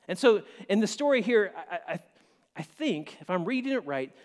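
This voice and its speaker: A man's voice: high voice, very animated, moderate pace. Fervent male preacher in a reverberant church. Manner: swings from hushed to emphatic, stammering restarts. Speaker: pastor. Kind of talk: sermon. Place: church sanctuary. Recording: long church-hall reverb.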